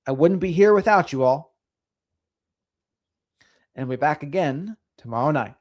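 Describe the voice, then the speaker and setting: A middle-aged man hosting a casual livestream, speaking in a slightly higher register for a man. His delivery is sing-songy and lively as he chats with viewers. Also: a little slow. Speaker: livestream host. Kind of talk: casual livestream chat reading comments.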